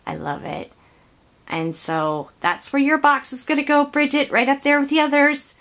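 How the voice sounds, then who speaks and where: In her craft room, a woman films a home unboxing vlog on a tripod-mounted camera, opening a craft gift box while gushing and softly exclaiming. Her voice sits high and sounds very animated, at a normal speed.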